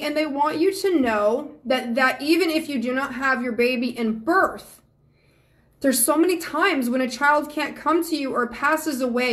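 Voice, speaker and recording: Woman, middle-aged, high-pitched, live-stream host, chatty, earnest, affectionate. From Georgia, USA. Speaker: psychic medium hosting a live stream.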